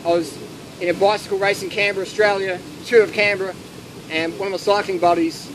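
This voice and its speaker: A man giving blunt, animated answers and stories to an audience in a casual Q&A at an outdoor gathering. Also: high voice, fairly quick. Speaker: speaker answering audience questions. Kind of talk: casual Q&A talk with anecdotes. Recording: noisy outdoor ambience with traffic.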